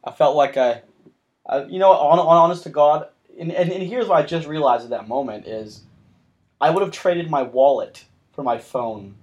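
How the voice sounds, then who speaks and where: A man's voice: a little high, moderate pace, darkish tone, dull audio. A man hosting a podcast in casual chat, telling long rambling stories with frequent restarts. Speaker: podcast host.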